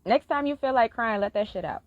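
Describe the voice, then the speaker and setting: A woman speaks frankly in a candid live-stream monologue, cursing freely and pressing her point with heartfelt encouragement. Her pitch swings widely from line to line. The sound is dull and lo-fi, with a dry, close feel. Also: expressive, fairly quick, no echo. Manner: blunt, frank, swears freely.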